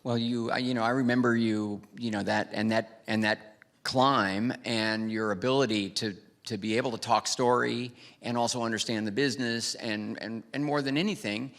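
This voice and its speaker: A man interviewing a guest on a conference stage, speaking haltingly with many restarts and fillers. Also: medium pitch, fairly even intonation, a bit bright. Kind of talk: onstage conversation.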